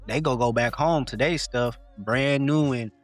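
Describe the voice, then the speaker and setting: A man co-hosting a casual podcast, a father telling relaxed, reflective stories about his kids. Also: medium pitch, a little slow, soft background music. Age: adult father of a twelve-year-old. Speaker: podcast co-host. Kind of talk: casual chat.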